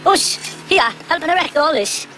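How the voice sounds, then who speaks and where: An excitable young builder. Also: male voice, extremely high pitch, moderate pace, soft background music, full character voice. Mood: chatty. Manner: chatty, excitable calling out. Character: chatty young male building worker on a site. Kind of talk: TV comedy-drama acting.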